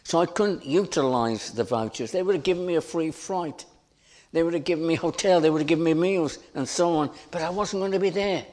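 A man preaching a sermon in an earnest, deliberate way, lifting his voice for emphasis. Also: on the high side, darkish tone.

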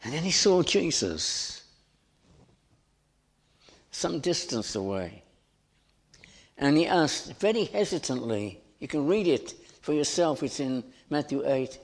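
A man preaching a sermon in an earnest, deliberate way, lifting his voice for emphasis. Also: fairly high pitch, sing-song.

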